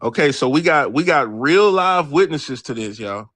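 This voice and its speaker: A man on the high side speaks at a moderate pace in a dry recording, hosting a late-night sports livestream. He trades brash, profane banter with his chat, animatedly reading and answering it and cursing freely.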